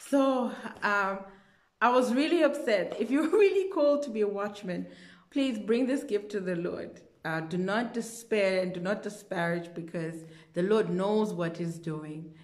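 A woman's voice: mid-range voice, unhurried. Earnest woman recounting a dream, roomy sound. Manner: earnest, animated, rambling with restarts and fillers. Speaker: dream-sharing ministry host. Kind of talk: casual testimony about a dream. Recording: roomy echo.

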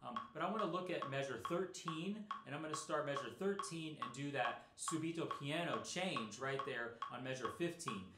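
A middle-aged man teaching snare drum in a relaxed, explanatory way, with many fillers. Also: a little high, normal speed, hardly any pauses, echoey room, very noisy. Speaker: percussion teacher. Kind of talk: instructional talk.

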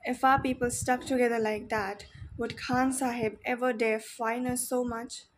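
A woman's voice: fairly high pitch, flat delivery, moderate pace, slight background noise, close to an everyday voice. A woman voicing a bold working-class husband who consoles his wife and talks defiantly. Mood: consoling.

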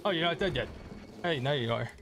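A man's voice: a little high, animated, fairly quick, over music. A man streaming a video game, chatting casually with viewers in a rambling, self-deprecating way and swearing at the game. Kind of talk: casual gameplay commentary.

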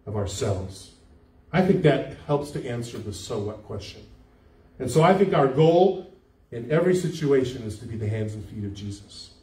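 An older man delivers a sermon in a warm, mellow voice that sits a little high. He keeps it conversational and keeps turning questions back to the congregation. The sound is roomy and distant, as if picked up from well back in a church hall. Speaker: pastor. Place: church sanctuary. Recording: echoey church hall, mic from far off.

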